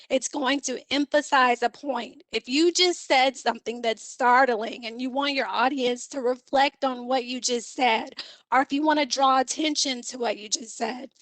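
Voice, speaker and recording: High-voiced woman teaching speaking skills. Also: fairly bright tone, dry recording, low-quality recording. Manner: clear, instructive, demonstrates intonation with examples. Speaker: communication instructor. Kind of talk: online seminar lecture.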